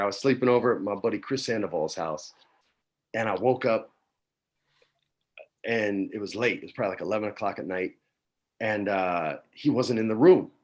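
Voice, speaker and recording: On a video call from his home, a New Mexico man in his forties joins as a guest and swaps stories in an easygoing conversation. His voice is on the lower side, and "man" and "dude" come up often in his talk.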